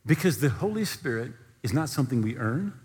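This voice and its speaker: A man preaching a storytelling sermon, animated and at times near-shouting. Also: mid-range voice, brisk, breathy edge, in a large hall.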